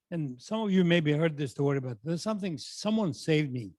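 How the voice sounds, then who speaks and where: A man's voice: fairly high pitch, normal speed, no echo, clean studio sound. Emphatic man telling a story. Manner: animated, emphatic storytelling with acted quotes. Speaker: guest lecturer, surgeon. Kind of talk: storytelling lecture.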